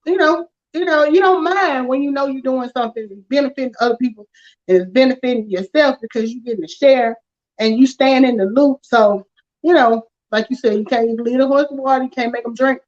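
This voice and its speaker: A woman's voice: high-pitched, brisk. A woman, chatting informally in conversation. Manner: informal, dialect grammar, chatty. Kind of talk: casual conversation. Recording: dull lo-fi sound.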